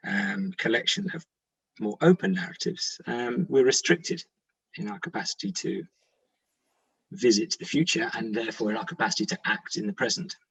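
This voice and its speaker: A man speaks on a discussion panel with a husky, gravelly voice. He pauses often on ums. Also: fairly low pitch, a bit bright, poor audio. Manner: halting, frequent ums.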